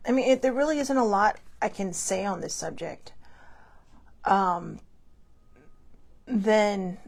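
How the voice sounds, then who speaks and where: Woman, host, casual talk, grieving, tearful, rambling, halting restarts. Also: mid-range voice.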